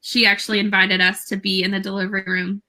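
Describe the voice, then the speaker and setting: A young woman, a guest on a talk show, telling a story casually with many fillers and lively quoted dialogue. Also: medium pitch, fast talker, low-quality recording.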